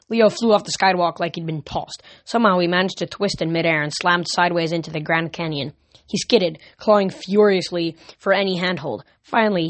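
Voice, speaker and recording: A man reading a novel aloud as an amateur audiobook, steady with small slips. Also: high-pitched, dry recording. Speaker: reader.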